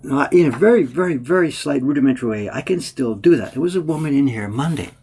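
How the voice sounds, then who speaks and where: A man's voice: mid-range voice, fast, a little hiss or hum. Chatty Canadian-accented man telling stories. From England, Yorkshire. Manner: animated storyteller, acts out voices in anecdotes. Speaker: printmaker streaming host. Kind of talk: casual livestream chat.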